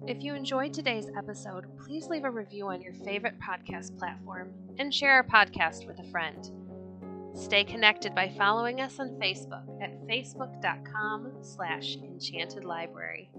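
A woman hosting a podcast, reading children's stories aloud in a clear storytelling manner. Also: mid-range voice, lively intonation, moderate pace, over music, poor audio.

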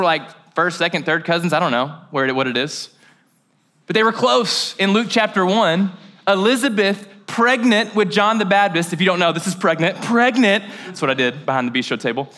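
A high-pitched man from Kentucky preaches to his church through a mic, keeping it loose and chatty. His voice is bright and forward, full of jokes and slangy asides. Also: expressive, fairly quick. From Mayfield, Kentucky, USA. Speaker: pastor. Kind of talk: casual, humorous sermon. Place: church service. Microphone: handheld or headset mic.

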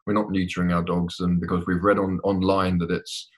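A man's voice: sits low, level tone, fairly quick. A man from England, a podcast guest, chatting casually and hesitantly with many repeated words. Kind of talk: casual chat.

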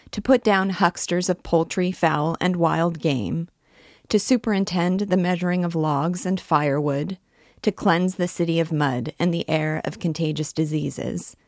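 A woman's voice: on the low side, darkish tone, no room sound, studio quality. A woman voicing a pompous, long-winded male magistrate's deputy who grandly lists his own titles.

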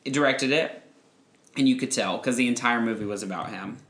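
A man's voice: mid-range voice, fairly quick. A man hosting a podcast, chatting and gossiping as he reviews a movie. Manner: chatty, gossipy, animated storytelling. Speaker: podcast host. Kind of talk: casual chat, movie review. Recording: echoey room.

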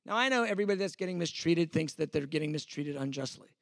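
A man's voice: on the high side, animated, quick pace, vocal fry, dry recording, studio quality. A man in his fifties, a pastor, teaching a sermon in a conversational, self-deprecating way, acting out the exchanges he quotes.

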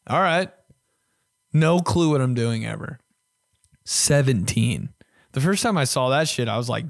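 The young host's voice sits on the high side, unhurried and marked by vocal fry, as he rants casually on his podcast. He is profane and animated, heavy on swearing and mock voices, with studio-quality sound and no room sound.

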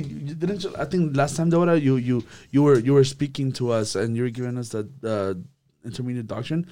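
A man leading a church youth group discussion, animated and repetitive, acting out quotes as he talks. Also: mid-range voice. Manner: animated, acts out quotes, repeats words. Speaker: youth leader.

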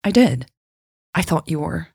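A guarded, self-critical woman with a blunt, dry way of talking, read by a woman narrating a storybook. Her voice sits low and gravelly. It sounds husky, in a dry room with no echo. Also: big pitch swings, measured pace, darkish tone, heavily acted.

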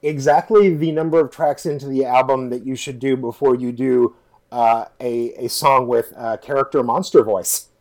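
A man's voice: medium pitch, fairly even intonation, normal speed, a little mellow. A man co-hosting a music podcast, talking enthusiastically with stammering restarts. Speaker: podcast co-host. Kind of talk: casual chat about music.

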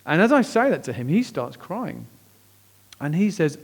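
A man, a pastor preaching a sermon as lively, conversational personal storytelling. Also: a little high, moderate pace, gravelly, husky.

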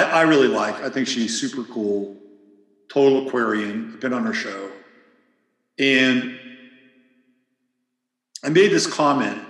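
A man's voice: medium pitch, a bit bright. Rambling, profane man in a reverberant room. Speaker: podcast host. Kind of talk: casual monologue. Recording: roomy with long reverb.

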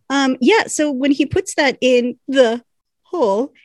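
A woman co-hosting a podcast, retelling a show episode with animated storytelling and acted-out lines. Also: high-pitched, slow pace, dry recording. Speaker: podcast co-host. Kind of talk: casual recap chat.

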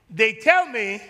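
A man from Jamaica preaching a sermon to his congregation in a church sanctuary, animated and folksy, repeating words and calling on the crowd to answer. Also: sits high. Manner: casual, folksy phrasing. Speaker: pastor. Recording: long reverb of a large hall.

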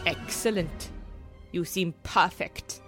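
A woman's voice: on the low side, slow pace, fairly bright tone, soft background music. A woman playing a stern female Nazi job interviewer in a comedy sketch, with a put-on German accent and a clipped, officious manner. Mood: haughty, officious.

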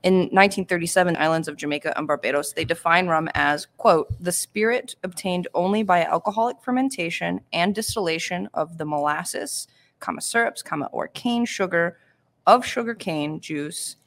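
A woman's voice: on the low side, normal speed. A woman co-hosting a casual podcast, chatty and correcting herself as she talks. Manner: chatty, self-correcting, laughs often. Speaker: podcast co-host. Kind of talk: casual podcast chat about rum history.

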